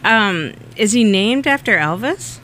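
A man's voice: high voice, expressive, measured pace, sharp tone, slight background noise. A man hosting a radio show in casual chat, bubbly and eager, gushing over his co-host's stories. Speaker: radio host.

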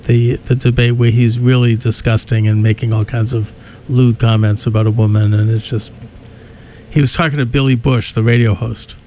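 Gravelly-voiced male radio co-host. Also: medium pitch, little pitch movement, normal speed, warm tone, slight background noise. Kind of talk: casual radio chat.

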